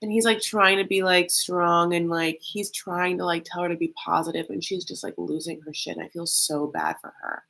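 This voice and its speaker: A woman's voice: fairly low pitch, lively intonation, normal speed, creaky, hardly any pauses, a bit bright. A woman hosting a casual reality-show recap, chatty and loose, full of fillers and calling the audience honey.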